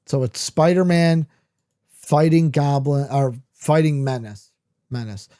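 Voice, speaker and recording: Rambling, mellow-voiced male comic reviewer. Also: on the high side, slow. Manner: rambling, conversational, many fillers. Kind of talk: casual comic book discussion.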